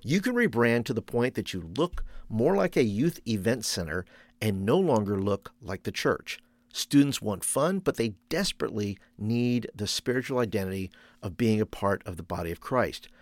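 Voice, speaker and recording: A man's voice: on the low side, lively intonation, moderate pace, no room sound. A man hosting a youth ministry podcast, talking in a conversational way with frequent fillers and restarts. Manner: conversational, many fillers and restarts, laughs at own stories. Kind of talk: podcast monologue.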